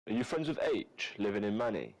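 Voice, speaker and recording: A man streaming and bantering with friends over voice chat, loud, crude and full of teasing slang. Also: fairly low pitch, sing-song, a little fast, dry recording, poor audio.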